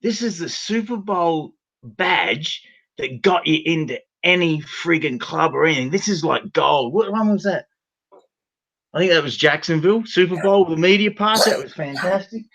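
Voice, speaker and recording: An Australian man chatting loudly and rowdily over a video call from his bedroom, swearing freely. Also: fairly high pitch, expressive, normal speed, dull audio. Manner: loud, rowdy, swears freely. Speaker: show regular. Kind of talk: casual video call chat. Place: bedroom at home.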